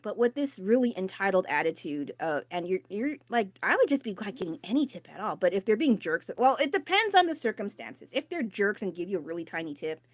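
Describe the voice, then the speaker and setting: Woman, casual live-stream chat, loud and blunt, phone mic, dry close sound. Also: medium pitch, very animated, brisk, few pauses, no echo. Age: adult. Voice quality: loud, raised voice. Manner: candid, rambling, swears casually.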